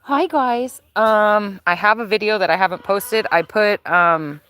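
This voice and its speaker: A woman's voice: medium pitch, measured pace, clean tone. A woman giving a casual, chatty tour of her backyard garden outdoors, talking into a handheld phone and using plenty of fillers. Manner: chatty and relaxed, with frequent fillers. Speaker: gardener showing her property. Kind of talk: casual live-stream chat.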